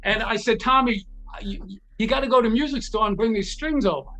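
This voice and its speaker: A middle-aged man, a guitar repair technician, telling lively anecdotes as an interview guest, acting out the voices of the people he quotes and often restarting his sentences. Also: high voice, fairly quick. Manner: animated, acts out quoted voices, frequent restarts. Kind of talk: anecdotal storytelling in a conversation.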